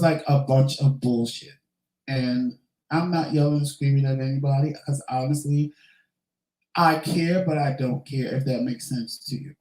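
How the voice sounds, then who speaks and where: Guy doing a laid-back q&a vlog, warm mellow voice, echoey room. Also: on the high side. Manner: candid, chatty, swears casually. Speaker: vlogger host. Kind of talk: casual Q&A chat.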